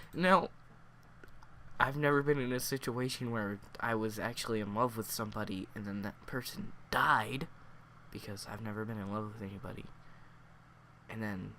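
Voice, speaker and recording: A man chatting his way through a story review in a loose, rambling style, full of fillers. His voice wobbles as he tries not to laugh. A mid-pitched voice over a faint hiss. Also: fairly bright tone. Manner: keeps breaking into laughter, voice wavering. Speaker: book reviewer.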